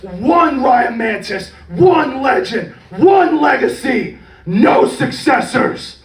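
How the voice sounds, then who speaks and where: A man delivering an intense, shouted wrestling promo with a heavy rhythmic cadence. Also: very high-pitched, very animated, slow. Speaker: wrestling student. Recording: echoey room from far off.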